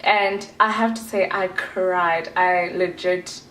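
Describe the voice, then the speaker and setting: A woman's voice: lowish voice, steady tone, takes it slowly, a bit bright, echoey room, rough recording. Chatty South African woman vlogger. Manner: chatty, rambling, playful asides. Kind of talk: casual chat to camera.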